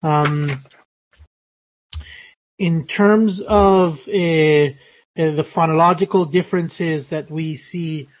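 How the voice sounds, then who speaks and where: Male lecturer, slightly high voice, stop-start delivery full of ums, teaching phonetics over a desk mic. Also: steady tone, low-quality recording. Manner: halting, many fillers and restarts. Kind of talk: recorded online lecture.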